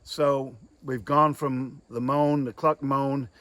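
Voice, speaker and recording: A man giving a hands-on lesson on goose calling, speaking plainly and pausing to demonstrate calls. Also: mid-range voice, steady tone, a bit bright, no room sound. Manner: plain-spoken, demonstrates calls between explanations. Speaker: goose call instructor.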